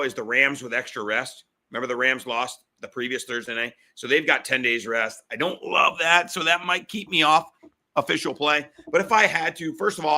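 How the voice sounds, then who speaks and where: A middle-aged man hosting a sports betting podcast, talking fast and fired up, repeating himself. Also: mid-range voice, pushed and bright.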